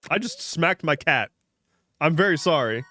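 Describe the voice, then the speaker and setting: A man chatting loosely to his stream audience while he plays, rambling from one tangent to the next in a joking, offhand way. He restarts his sentences often and drops casual swears. Faint game music plays softly underneath. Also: fairly high pitch, expressive, a little slow, no room sound. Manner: rambling, jokey, talks to chat. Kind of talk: casual live-stream chat while gaming.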